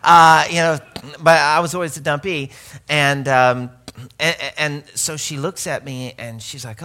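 Animated joking man preaching. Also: a little high, unhurried. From Arkansas. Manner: animated, joking, self-mocking, with many restarts. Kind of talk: humorous storytelling sermon.

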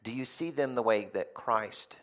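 A man preaching a sermon as pastor, telling stories lively, with jokey asides and rhetorical questions to the congregation. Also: mid-range voice, normal speed.

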